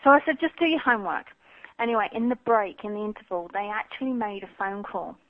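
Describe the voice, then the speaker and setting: A woman from Birmingham with a light Birmingham accent, a guest telling stories in an animated, chatty way over the phone. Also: medium pitch, fast, no echo. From Birmingham, England. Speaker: guest psychic medium. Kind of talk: casual interview chat. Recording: tinny phone line.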